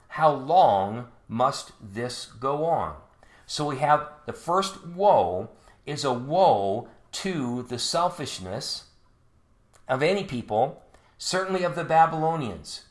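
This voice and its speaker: A man's voice: medium pitch, fairly bright tone. A man preaching a sermon, reading scripture verse by verse and asking rhetorical questions. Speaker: pastor. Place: church sanctuary. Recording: echoey church sanctuary.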